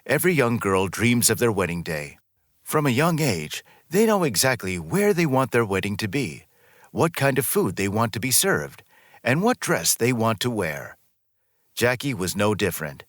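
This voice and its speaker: A man reading a scripted story as narrator in a smooth, even storytelling manner, close to the mic. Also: medium pitch, moderate pace, no echo.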